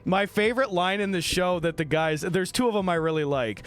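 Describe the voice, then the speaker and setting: A man's voice: on the high side, fairly quick, few pauses. A young man from the American Midwest chatting casually on a live stream, joking, swearing and reading viewer messages aloud. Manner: animated, joking, swears a lot, reads chat aloud.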